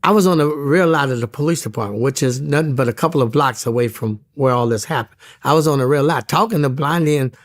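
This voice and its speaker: A man's voice: mid-range voice, fast talker, few pauses, no echo, clean studio sound. A man, a former police officer, recounting events in a casual interview, often stumbling and repeating words.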